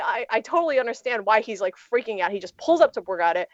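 A young woman recounting a story in a loose, rambling way, full of "like" and "you know" and restarted sentences. Her voice sits at an average pitch and sounds slightly dull and lo-fi. The room is dry, with no echo. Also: animated, fast, few pauses. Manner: rambling with many fillers and restarts. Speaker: poker player guest. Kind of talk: casual storytelling interview.

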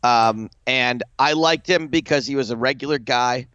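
A man's voice: mid-range voice, moderate pace, clean tone, dry recording. Guy chatting on a podcast, lots of likes, kinda dull lo-fi dry audio. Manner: chatty, lots of filler likes, animated retelling. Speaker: poker show co-host. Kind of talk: casual podcast chat.

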